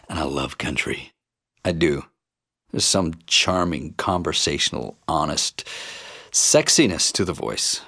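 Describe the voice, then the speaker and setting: A man giving a singing lesson as a vocal coach, explaining and demonstrating vocal fry. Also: extremely low pitch, lively intonation, takes it slowly, pushed and bright, dry recording, clean studio sound.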